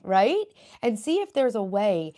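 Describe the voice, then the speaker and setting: A woman's voice: mid-range voice, very animated, measured pace, warm tone. A young woman on a casual live stream, chatting with viewers, answering their comments aloud and sharing self-help thoughts.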